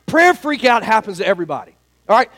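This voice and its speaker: A male pastor with a drawl preaches in a strikingly high voice. He tells folksy stories, loose and animated, full of fillers and restarts. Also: quick pace. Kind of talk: sermon.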